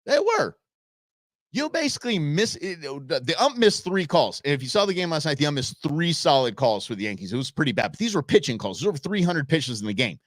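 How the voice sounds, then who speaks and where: A man's voice: fairly high pitch, very animated, fairly quick, fairly bright tone, dry recording, studio quality. A middle-aged man from the Los Angeles area hosting a live show, ranting casually and answering his chat. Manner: opinionated, ranting, talks back to chat.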